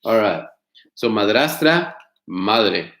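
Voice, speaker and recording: A man teaching an online class, explaining words slowly, repeating them and asking his students questions. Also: fairly low pitch, expressive, a bit bright, roomy sound. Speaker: Spanish teacher. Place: home studio.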